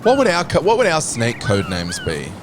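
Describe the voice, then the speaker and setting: A man's voice: a little high, wildly swooping pitch, normal speed. A man streaming a video game, chatting casually with crude jokes and plenty of swearing. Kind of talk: casual live-stream chat. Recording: clear background noise.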